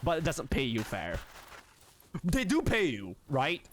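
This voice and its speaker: A young man livestreaming in a casual, rambling chat, excitable, often laughing and squealing, with lots of restarts. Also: fairly high pitch, measured pace, slight background noise. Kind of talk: casual live-stream chat.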